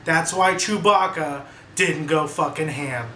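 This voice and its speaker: A man cutting in on a casual review with slow, blunt, profane remarks. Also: fairly high pitch. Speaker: co-host chiming in. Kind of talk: casual interjection. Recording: echoey room with faint noise.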